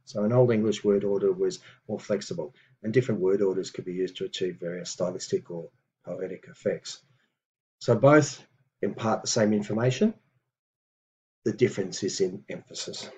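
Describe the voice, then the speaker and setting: A man teaching a language lesson on video, explaining patiently with many fillers and reading example phrases slowly. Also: deep voice, darkish tone, muffled recording.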